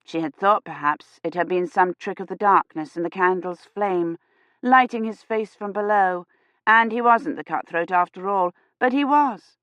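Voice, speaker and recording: A woman narrating an audiobook in a measured, even storytelling manner. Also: on the low side, dry recording, dull audio. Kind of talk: scripted narration.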